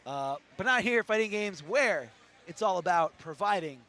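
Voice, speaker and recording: A man with a voice going hoarse, giving live commentary at a fighting game tournament and explaining things, correcting himself as he goes. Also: sits high, expressive, moderate pace, sharp tone. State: hoarse, losing his voice. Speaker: esports commentator. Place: tournament venue. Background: music.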